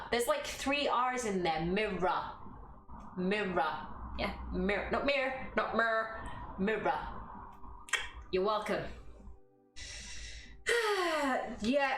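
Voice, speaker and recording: A woman's voice: medium pitch, a bit bright. A young woman with a cough, leading a live-stream yoga class in casual chat, laughing often and swearing freely. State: has a cough. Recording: roomy room with faint music.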